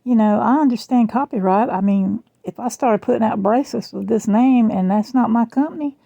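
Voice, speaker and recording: Middle-aged Southern woman, talkative and self-mocking, strained rough voice, dry sound. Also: on the high side, brisk, dark tone, no room sound, lo-fi sound. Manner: chatty, rambling, self-deprecating. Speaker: jewelry vlogger. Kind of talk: casual chat. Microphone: phone camera.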